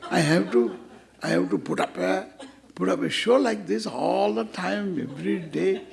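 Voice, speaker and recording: Older man, spiritual teacher, gravelly voice, lively swooping pitch, playful humor. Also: moderate pace. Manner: playful, teasing, acts out quoted dialogue. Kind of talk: humorous scripture class.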